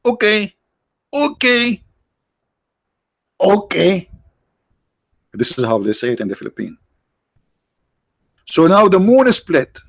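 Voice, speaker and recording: A man's voice: mid-range voice, huge pitch swings, moderate pace, gravelly, long pauses, slightly rough. A man hosting a livestream, giving mocking, sarcastic religious debate commentary in broken English. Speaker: livestream host.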